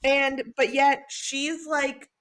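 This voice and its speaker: Young woman, podcast co-host, fairly high voice, animated, swears a lot, acts out lines. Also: extremely slow. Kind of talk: casual book-recap chat.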